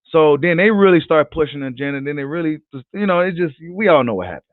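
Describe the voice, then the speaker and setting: A man hosting a casual boxing livestream, talking in an animated, slangy, profane way and repeating himself as he reads comments. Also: fairly high pitch, fast, no echo. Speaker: boxing channel host. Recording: tinny phone-like audio.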